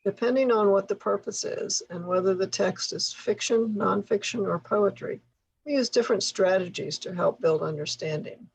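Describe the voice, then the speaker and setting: A woman leading a tutor training workshop, explaining things patiently with occasional soft laughs. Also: medium pitch, normal speed, creaky, husky, low-quality recording. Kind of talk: workshop instruction.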